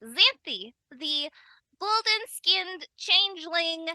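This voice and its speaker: Woman player, high and bright, slow-paced, cheerful and scattered. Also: big pitch swings, no echo. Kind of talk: casual podcast chat.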